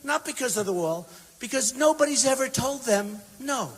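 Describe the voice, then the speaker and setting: A man giving a campaign rally speech, emphatic and repetitive, swinging between shouted bursts and quiet asides. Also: very high voice, animated, normal speed, slightly rough. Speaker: political candidate speaking at a rally. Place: large university venue. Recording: long reverb from a big hall.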